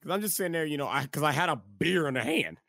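Animated, laughing male podcast storyteller. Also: a little high, quick pace, gravelly, no room sound, studio quality. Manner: animated, laughing, acts out quoted lines. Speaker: podcast co-host. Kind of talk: casual storytelling chat.

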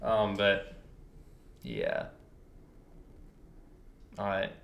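A man's voice: fairly low pitch, sing-song, extremely slow, creaky, a bit bright. A man co-hosting a casual podcast, talking in a passionate, emphatic, ranting way. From United States. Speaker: podcast co-host. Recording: roomy echo.

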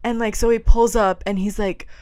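A woman's voice: on the high side, steady tone, moderate pace, mellow, no room sound, studio quality. A young woman co-hosting a casual podcast, telling a story with frequent laughter and filler words. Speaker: podcast co-host. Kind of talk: casual chat. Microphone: webcam or camera in a room.

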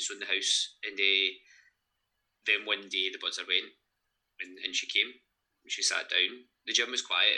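A Scottish gym owner speaking candidly as an interview guest, rambling and earnest, with many restarts and the odd swear. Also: male voice, lowish voice, pushed and bright, low-quality recording. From Scotland.

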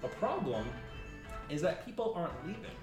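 A man narrating as game master of a tabletop game, telling the scene in an animated, storytelling way. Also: on the high side, moderate pace, far from the mic. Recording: echoey room from off-mic, music behind.

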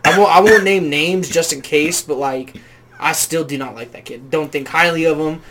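A man's voice: a little high, moderate pace, fairly bright tone, a little hiss or hum. A young man co-hosting a podcast. He rambles casually and fills his sentences with "like". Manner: rambling, heavy use of "like". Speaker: podcast co-host. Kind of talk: casual chat.

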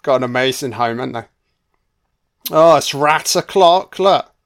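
A man's voice: mid-range voice, animated, a little slow, a bit bright. A man giving a casual, crude audio commentary while watching a film. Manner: crude, chatty, sweary.

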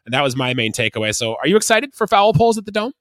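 A man's voice: a little high, very animated, very fast, fairly bright tone, no echo. A Canadian man hosting a sports podcast, upbeat and chatty, steering topics and quizzing his co-host. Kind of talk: casual sports podcast chat.

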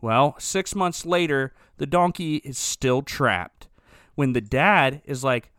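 A man's voice: medium pitch, slow pace, fairly bright tone, clear, resonant tone, dry recording, studio quality. A man hosting a comedy podcast, retelling a movie plot in a rambling, sarcastic way and often correcting himself.

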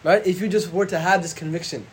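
Male imam, casual classroom lecture, high and fast, slangy, quick recitations. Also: fairly even intonation. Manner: conversational, slangy, recites Arabic verses rapidly.

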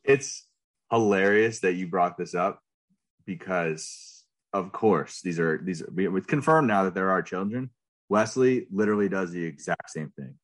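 Low-voiced laid-back dad co-host. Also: male voice, expressive, normal speed. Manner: laid-back, hesitant with fillers. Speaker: podcast co-host. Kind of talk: casual chat.

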